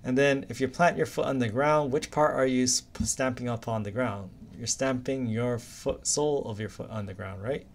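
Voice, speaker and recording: A man's voice: medium pitch, normal speed, few pauses, a little hiss or hum. Chatty man teaching anatomy. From Hawaii. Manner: casual, chatty, uses silly memory stories. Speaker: anatomy instructor. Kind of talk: recorded lecture.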